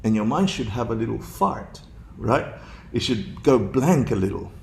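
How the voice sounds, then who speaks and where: A man with a gravelly edge to his voice leads a dharma class. He is playful, laughs a lot and keeps asking the students questions as he goes. His pitch sits in an ordinary middle range. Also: animated, moderate pace, a little mellow, a little hiss or hum. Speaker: dharma teacher.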